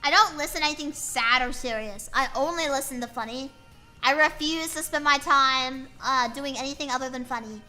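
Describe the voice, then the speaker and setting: Drawing live on her stream, a young VTuber chats away in a high, very bright voice with soft music underneath. Her talk is fairly quick, rambling and playful, laced with self-mockery and plenty of fillers.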